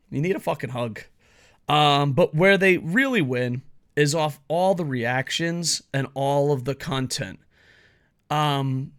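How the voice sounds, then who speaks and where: A man's voice: a little high, a bit bright. A man giving a blunt, profanity-heavy solo opinion rant as a wrestling commentary YouTuber.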